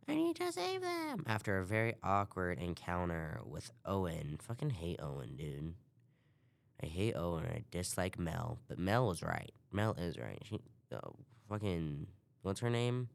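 A man's voice: low voice, measured pace, gravelly, smooth. A man hosting a podcast, casually recapping a video game in a rambling way and swearing offhand. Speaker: podcast host.

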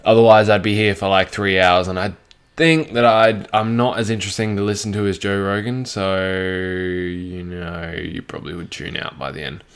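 A man's voice: deep voice, steady tone, normal speed, clear, resonant tone. A young man hosting his own podcast, rambling crudely and swearing freely, with plenty of fillers and restarts. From Australia. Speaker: podcast host. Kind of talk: casual solo podcast monologue.

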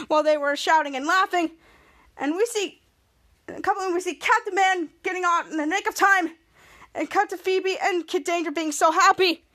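A woman's voice: very high voice, normal speed, pushed and bright. A woman hosting a podcast, casually recapping an episode in a rambling way, with many restarts and stumbles over words. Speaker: podcast host.

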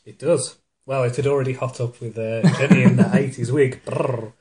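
A man, co-hosting a casual podcast chat and retelling a film in a mocking, animated way with put-on voices. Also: mid-range voice, moderate pace. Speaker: podcast co-host. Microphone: studio microphone.

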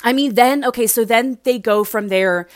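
A woman's voice: on the high side, normal speed, no echo, clean studio sound. A young woman casually recapping a dating show, gushing and rambling with lots of "like". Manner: gushing, rambling, heavy use of "like".

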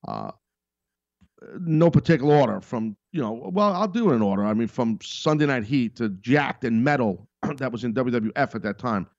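A man's voice: mid-range voice, expressive, normal speed, a little mellow, no echo, dull audio. A middle-aged man hosting a podcast in a casual, rambling monologue. He talks emphatically and repeats his points. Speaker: podcast host.

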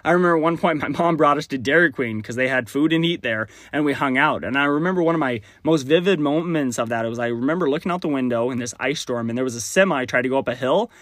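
A man's voice: medium pitch, quick pace, few pauses, a bit bright, dry recording, clean studio sound. A young man from Texas hosting a solo podcast, talking in a rambling, friendly, self-deprecating way. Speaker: podcast host. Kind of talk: casual solo podcast monologue.

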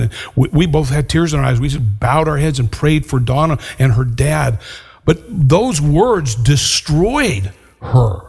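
An older male pastor with a husky voice delivers an earnest sermon and draws out the words he wants to land. His voice carries a long reverb, as if it is filling a large church hall. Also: medium pitch, lively intonation, a little mellow. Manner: earnest, slows down to stress key words.

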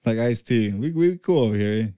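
A man's voice: medium pitch, animated, brisk, mellow, a little hiss or hum. A young man, talking crude topics in a laid-back slangy way as a podcast co-host. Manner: laid-back, slangy, says "eh" and "you know". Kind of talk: crude casual banter.

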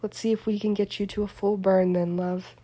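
A smug young wizard who smirks and teases, his voice mellow and soft-edged, as a woman narrator puts him on. He drawls his lines evenly, with a flat, level tune and little rise or fall. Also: medium pitch, brisk, natural voice. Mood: drunk, teasing. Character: young male wizard, smug, cool, teasing.

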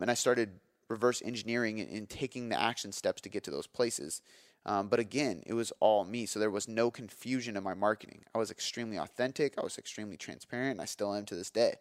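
Energetic male podcast host, low dry voice. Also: no echo. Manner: energetic, emphatic, frequent fillers and profanity. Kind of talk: candid storytelling.

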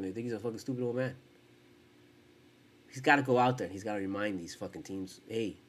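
A man hosting a sports podcast, ranting in casual, profane, animated talk. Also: medium pitch. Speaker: podcast host.

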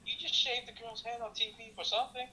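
A man's voice: extremely high pitch, fairly even intonation, fast talker, sharp tone, slight background noise, rough recording. A man giving blunt, opinionated takes in a casual chat about wrestling, often laughing as he talks.

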